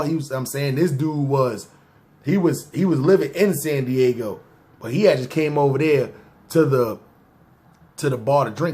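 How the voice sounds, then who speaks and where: A man's voice: medium pitch, darkish tone. Slangy New man telling a story. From New York. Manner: slangy, drawn-out, keeps asking "see what I'm saying". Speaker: podcast storyteller. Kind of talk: casual spoken storytelling.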